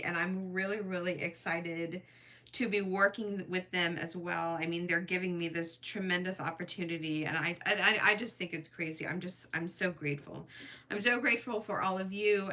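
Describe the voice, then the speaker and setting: A middle-aged woman hosts a crochet livestream in a casual, chatty way. Her voice is bright and forward. She thanks her viewers by name, warm-hearted and close to tears. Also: mid-range voice. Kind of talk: casual live-stream chat.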